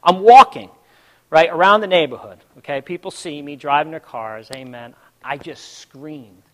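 A man preaching a sermon to his congregation, telling a story dramatically and swinging between hushed and loud, calling out to the listeners. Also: fairly high pitch, moderate pace, long reverb tail. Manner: addresses the congregation directly.

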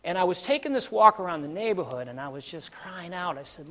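A man preaching a sermon to his congregation, telling a story dramatically and swinging between hushed and loud, calling out to the listeners. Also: high-pitched, big pitch swings, normal speed, hardly any pauses, big-room sound. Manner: addresses the congregation directly.

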